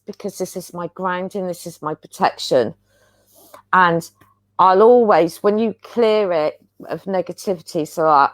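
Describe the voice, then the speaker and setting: Over a video call, a guest healer chats casually about spiritual practice, her manner earnest and rambling. She speaks in a fairly low voice, with no echo.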